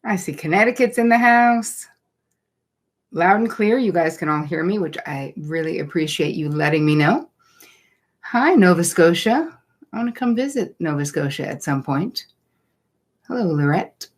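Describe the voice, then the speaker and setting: A woman's voice: lowish voice, animated, moderate pace. A middle-aged woman hosting a live online masterclass from her home setup, chatting and greeting viewers by name and place. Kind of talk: casual live-stream welcome. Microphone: computer setup, looking down at notes.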